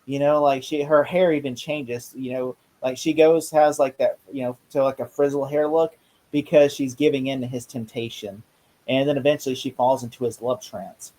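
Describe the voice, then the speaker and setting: A man in casual chat about a horror movie, talking excitedly and acting out lines in voices. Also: mid-range voice, normal speed. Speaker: co-host discussing a horror movie.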